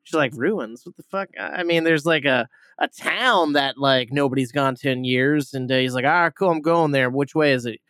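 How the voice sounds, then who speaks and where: A man's voice: medium pitch, normal speed, fairly bright tone, smooth, no room sound. A man hosting a movie review podcast, retelling a plot in a rambling, casual way, full of fillers, restarts and swearing.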